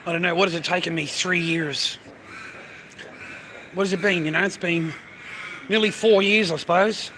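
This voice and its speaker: A man's voice: sits high, fairly even intonation, moderate pace, long pauses, pushed and bright, slight background noise. A middle-aged Australian man rambling in a loose, profane way during a casual livestream, talking to his phone and speaking directly to the viewer. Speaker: live streamer. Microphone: phone held while talking.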